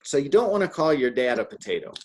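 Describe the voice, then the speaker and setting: A man giving a relaxed one-on-one language lesson. He chats easily between drills and says each word clearly so his student can repeat it. His pitch sits in an ordinary middle range. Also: fast talker, slight background noise. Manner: patient, chatty, models words for repetition. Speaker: Spanish teacher.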